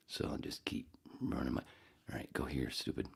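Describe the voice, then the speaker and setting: A man's voice: extremely low pitch, sing-song, normal speed, gravelly, hardly any pauses, slightly rough. A man in his fifties hosting a podcast alone, rambling and cursing as he laughs at his own mistakes. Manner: rambling, profane, self-mocking. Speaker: podcast host. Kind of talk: casual solo podcast chat.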